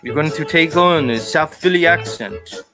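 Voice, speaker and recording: A man's voice: a little high, moderate pace, lightly acted. A man putting on an Israeli accent to play a scheming older male spymaster leader who speaks in a grand, commanding way. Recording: guitar music playing behind. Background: guitar music.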